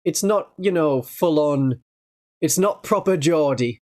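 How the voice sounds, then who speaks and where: A streamer from northeast England with a Northeast English accent, chatting casually on a livestream in a gentle voice and laughing often. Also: medium pitch, animated, slow pace.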